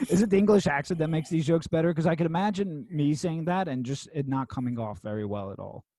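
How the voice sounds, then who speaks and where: Chill guy laughing a lot while he sets up clips, slightly high voice, dry close mic. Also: a little fast, warm tone, no room sound. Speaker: podcast co-host. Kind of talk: casual chat.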